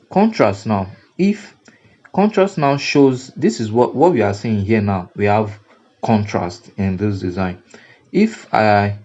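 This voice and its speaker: Nigerian man teaching design, low mellow voice. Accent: Nigerian English. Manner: repetitive, explanatory, frequent "now" and "you see". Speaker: graphic design instructor. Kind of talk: screen-recorded tutorial lecture. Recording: dull lo-fi recording.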